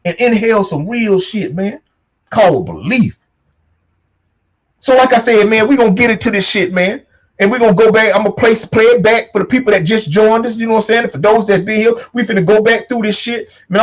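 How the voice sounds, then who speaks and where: A man hosting his own show, delivering a loose motivational monologue, swearing a lot and repeating catchphrases, punching key lines loudly. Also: high voice, animated, brisk, poor audio. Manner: preachy, swearing, repeats "you know what I'm saying", punches lines loudly. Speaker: show host.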